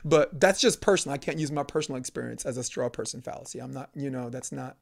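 A man's voice: medium pitch, fast talker, vocal fry. A man from Brooklyn, a podcast guest ranting heatedly and profanely, hammering points through repetition. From Brooklyn, New York. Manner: profane, emphatic, repeats phrases for emphasis. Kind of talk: heated conversational rant.

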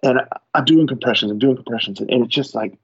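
Husky-voiced man telling a rowdy story. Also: medium pitch, fast talker, muffled recording. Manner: profane, animated storyteller acting out quotes. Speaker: firefighter guest. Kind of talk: casual storytelling on a podcast.

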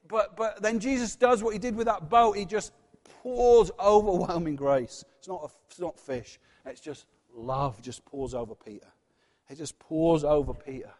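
A man preaching a sermon in a church, earnest and personal, dropping from loud passages to hushed ones. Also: sits high, normal speed, in a large hall.

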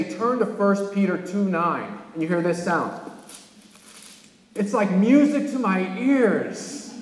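A Californian pastor with a high voice delivers a sermon to his congregation, his animated preaching jumping sharply upward on the key points. The sound echoes through a spacious church sanctuary, trailing a long reverb.

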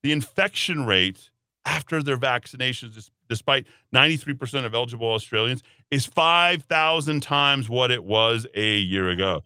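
A man's voice: medium pitch, normal speed, pushed and bright, smooth, no room sound, clean studio sound. A man hosting a talk radio show, ranting emphatically and sarcastically, at times putting on mocking voices. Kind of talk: opinionated talk radio monologue. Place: radio studio.

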